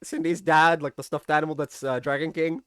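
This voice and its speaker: A man's voice: on the high side, little pitch movement, a little fast, a bit bright, clean tone, no echo, studio quality. A man casually recapping and reviewing a TV episode, chatty, often tagging on "right?" and swearing now and then.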